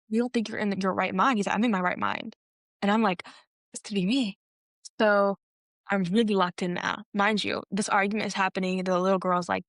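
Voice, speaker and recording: On a podcast she co-hosts, a young woman spins a long story in relaxed conversation, animatedly impersonating each person she quotes with jumps in pitch. Her speed is normal, and the sound is clean, dry studio quality.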